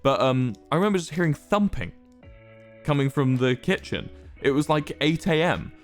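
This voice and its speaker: A man's voice: a little high, normal speed. Young streamer guy rambling thru a story, voice all over the place, faint music behind. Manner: rambling, self-amused, lively anecdote telling. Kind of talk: casual storytelling to chat.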